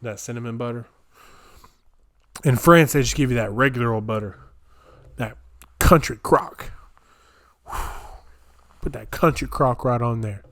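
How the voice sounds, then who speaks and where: A young man talks through a solo podcast in a small room at home. His voice sits at an ordinary middle pitch and rambles from one bit to the next, breaking into incredulous asides as he reads things aloud. The sound is close and dry, with no room echo. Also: a bit bright. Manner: rambling, incredulous, riffing while reading aloud. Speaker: podcast host. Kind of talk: solo comedic podcast rant.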